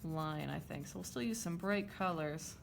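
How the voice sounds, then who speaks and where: A woman's voice: sits low, normal speed, creaky, background noise. A woman art teacher talking through a drawing demonstration, chatty and checking in with her students as she draws. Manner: chatty, checks in with "okay?" and "right?".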